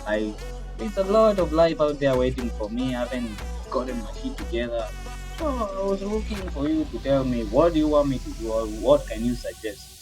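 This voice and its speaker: A young adult man, a tech video creator, chats casually with his voice assistant, hesitant and rambling with plenty of fillers. His mid-range voice has lively intonation and a moderate pace, with music playing underneath.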